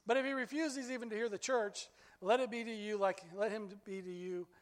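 A man preaching a sermon as pastor, telling stories in an animated way that climbs high when he gets excited. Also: a little fast, long reverb tail.

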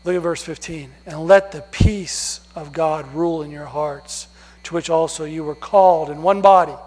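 High-voiced preacher in a reverberant hall. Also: male voice. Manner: emphatic preaching, swings from loud to hushed. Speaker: pastor. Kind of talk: sermon.

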